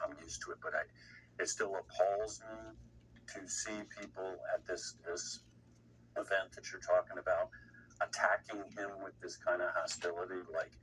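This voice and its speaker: A man's voice: low voice, fairly bright tone. A man giving political commentary, blunt and indignant, rambling with restarts. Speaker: guest commentator. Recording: distant mic with faint noise.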